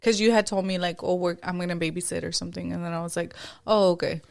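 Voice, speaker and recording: A woman's voice: fairly low pitch, level tone, fast talker, vocal fry. A woman co-hosting a podcast in casual chat, laughing often and slipping phrases into her English. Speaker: podcast co-host.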